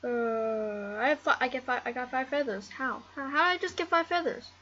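A woman giving casual, excitable game commentary, rambling and talking to the animals on screen. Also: sits high, normal speed, highs cut off, slight background noise. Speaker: gameplay commentator.

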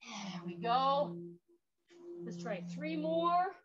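A woman's voice: high voice, very animated, extremely slow, lo-fi sound, a little hiss or hum. A woman park guide leading an outdoor workout, upbeat, counting reps aloud and cheering, a little out of breath. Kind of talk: instructional exercise demonstration.

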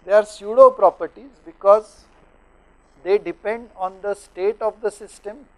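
A middle-aged man from India explaining thermodynamics to teachers in a lecture studio, pausing often with fillers as he works through examples. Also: high-pitched, low-quality recording.

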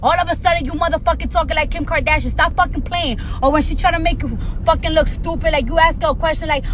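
A woman's voice: high-pitched, fast talker, hardly any pauses, a little hiss or hum. A woman talking straight to her followers in a casual monologue, brash and profane, telling stories with lots of energy. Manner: brash, profane, animated storytelling.

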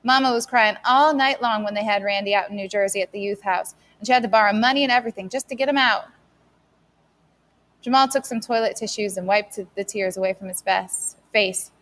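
A woman's voice: medium pitch, brisk, a bit bright. A woman steadily narrating a novel as an audiobook reader. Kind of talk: scripted narration.

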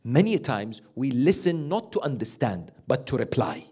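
A man giving a sermon as a sheikh, asking his listeners questions and acting out parents, reciting Arabic verses quickly. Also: medium pitch, slightly rough. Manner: animated, asks the audience questions and acts out quoted parents. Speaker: sheikh giving a Muharram lecture.

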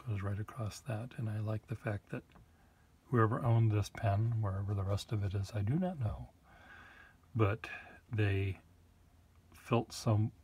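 A man's voice: lowish voice, a little mellow, husky. A man casually showing his collection of old pens, rambling with joking asides. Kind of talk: casual show-and-tell.

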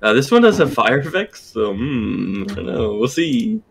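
A man's voice: medium pitch, sing-song, normal speed, vocal fry, husky. A man playing a game online with friends, teasing and ribbing them playfully. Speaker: player. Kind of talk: casual gaming chat.

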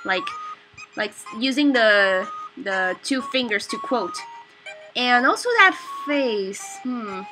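A young woman giving excitable, animated let's play commentary on a video game. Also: on the high side, slow, music in the background. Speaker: gamer.

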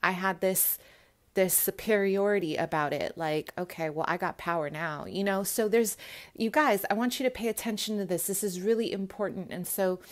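Young woman vlogger, earnest and emphatic, mid-pitched, speaking straight to her viewers. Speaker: spiritual vlogger. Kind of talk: casual talk to camera.

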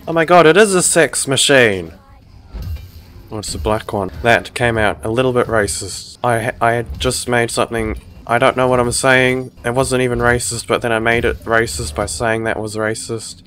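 A man's voice: mid-range voice, little pitch movement, normal speed, few pauses, a bit bright. Male let's-player, a little ill, sarcastic and foul-mouthed, casual running commentary. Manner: joking, sarcastic, swears often. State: sick. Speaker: gaming YouTuber.

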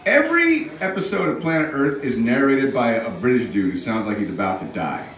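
A man's voice: mid-range voice, very animated, fairly quick, few pauses, fairly bright tone. Rambling, self-mocking male stand-up comic. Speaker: stand-up comedian. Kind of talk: stand-up set. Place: comedy club stage. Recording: roomy club, mic from far off.

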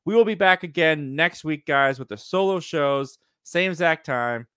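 A man's voice: on the high side, moderate pace, fairly bright tone, clear, resonant tone, no echo, clean studio sound. A man hosting a movie livestream, chatting casually and upbeat as he thanks viewers and his guest. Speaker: livestream host. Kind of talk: casual chat.

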